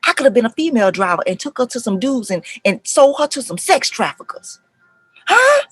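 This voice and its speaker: A middle-aged woman, a counselor telling stories to parents in a lively, conversational way and acting out the voices. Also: a little high, fast, dry recording, faint music behind, rough recording. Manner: animated retelling, acts out voices, addresses viewers as y'all. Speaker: counselor and life coach speaking to parents. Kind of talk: casual talk to camera, storytelling.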